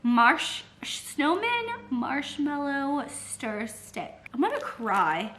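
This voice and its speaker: A woman book vlogger chatting casually and excitably to camera, full of "like" fillers and the odd swear word. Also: high voice, very slow, a little hiss or hum. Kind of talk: casual vlog chat.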